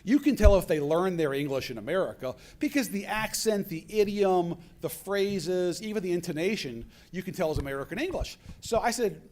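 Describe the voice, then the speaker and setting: In a conference hall, a male keynote speaker delivers a storytelling speech at a business conference, animatedly acting out the dialogue he quotes. His voice is high-pitched, his pace moderate, with hardly any pauses.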